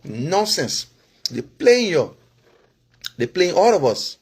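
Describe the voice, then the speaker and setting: A man with a Liberian English accent speaks straight to his followers in a loose, animated monologue. His voice sits a bit high and has a husky edge. He leans on "you understand?" and breaks into short chuckles. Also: slow. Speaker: political vlogger and former candidate.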